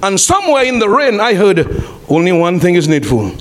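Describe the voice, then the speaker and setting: A man in the pulpit, preaching with a voice that sits high for a man. He repeats his phrases, throws questions to the congregation and climbs into shouts. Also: big pitch swings, normal speed. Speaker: pastor. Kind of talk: sermon. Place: church.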